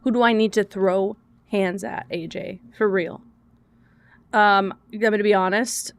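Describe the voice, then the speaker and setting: A woman's voice: medium pitch, fairly even intonation, unhurried, clear, resonant tone. A young woman streaming a video game, chatting casually with her viewers, laughing often and swearing freely.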